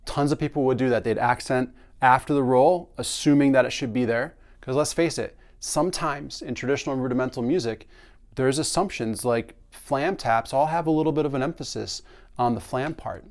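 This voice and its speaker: A man teaching snare drum phrasing in a relaxed, conversational way, singing drum patterns aloud as he explains. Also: medium pitch, moderate pace. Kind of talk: casual instructional explanation.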